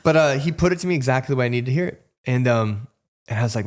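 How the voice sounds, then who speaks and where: A man's voice: mid-range voice, expressive, racing. A man in his thirties tells his recovery story in an unscripted, conversational way. His voice sits in an ordinary middle register, and he speaks frankly, slipping into remembered dialogue as he goes. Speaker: guest sharing a recovery testimony. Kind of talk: candid conversational testimony.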